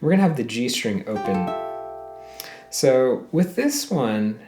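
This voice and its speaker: A man's voice: mid-range voice, big pitch swings, slow, music in the background. A man teaching a ukulele lesson step by step, counting beats aloud, humming the melody and calling viewers "guys". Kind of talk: friendly step-by-step music lesson. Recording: roomy echo with ukulele playing.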